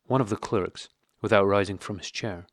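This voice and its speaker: A man narrating an audiobook of a classic novel in a measured, steady reading. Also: lowish voice, dry recording, studio quality.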